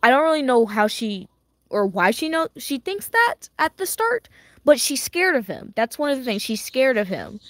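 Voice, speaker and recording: A woman chatting casually while playing a game, rambling with lots of "like" and quick restarts, often giggling. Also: sits high, big pitch swings, dry recording. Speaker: gaming video creator.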